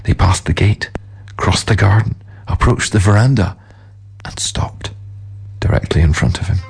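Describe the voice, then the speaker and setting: A man reading a ghost story aloud in a measured, grave scripted narration. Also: lowish voice, gravelly, darkish tone, husky, whispered, poor audio.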